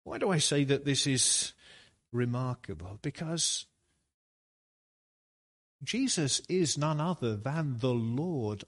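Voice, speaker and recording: A man preaching a sermon, slow and deliberate, building to emphatic peaks. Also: medium pitch, big pitch swings.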